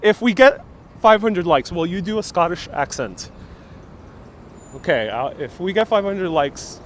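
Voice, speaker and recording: A man with a somewhat raised pitch hosts a live walking tour and banters with his chat in a playful, joking way. He talks into a clip-on mic outdoors, with faint city traffic and trains in the background. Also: lively intonation, measured pace. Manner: playful, jokey, reads out chat comments. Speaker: livestream walking tour host. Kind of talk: live street walking vlog, chatting with viewers. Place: outdoors on city streets, then inside a small discount store. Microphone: wireless clip-on mic, phone on gimbal.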